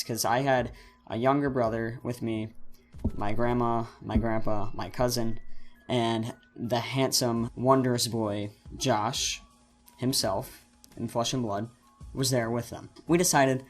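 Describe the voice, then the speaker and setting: A man's voice: mid-range voice, moderate pace, soft background music. Rambling teenage boy telling a story. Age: teens. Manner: rambling, animated, self-correcting storyteller. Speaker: channel host. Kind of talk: casual storytime vlog.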